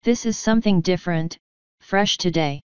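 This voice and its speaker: A woman voicing an earnest older male police sergeant who drops his g's and speaks in rough, plain grammar. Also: on the low side, moderate pace, no room sound, lo-fi sound, close to an everyday voice. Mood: worried.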